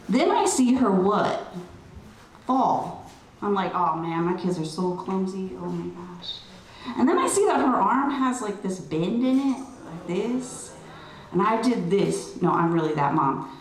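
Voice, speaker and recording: A middle-aged woman speaking at an event, telling a personal story in an animated, chatty way with lots of fillers. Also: on the high side. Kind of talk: storytelling speech to a crowd. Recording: roomy, distant PA sound with light noise.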